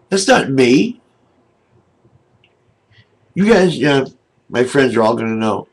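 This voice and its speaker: An older man ranting angrily to his camera from home, indignant and aggrieved, with a husky voice. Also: mid-range voice, very animated, takes it slowly, pauses often, rough recording. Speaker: video blogger. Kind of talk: angry webcam rant. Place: home, seated in a wheelchair.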